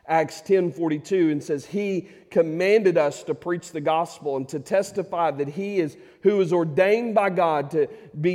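Preaching man with a booming hall echo. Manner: swings from loud emphatic preaching to quiet intimate appeals. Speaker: pastor. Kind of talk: sermon. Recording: long hall reverb.

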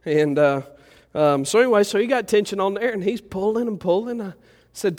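A male pastor preaching in a church sanctuary tells a warm, homey, meandering story packed with fillers, then leads a prayer. His high-pitched voice is expressive, moderately paced with long pauses, and the room sounds big.

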